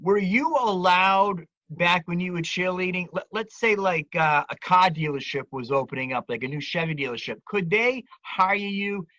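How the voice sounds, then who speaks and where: High-voiced man asking long questions. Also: lively intonation, normal speed, few pauses, sharp tone, dry recording. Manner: asks long, winding questions. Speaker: co-host. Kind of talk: casual interviewing on a video chat show.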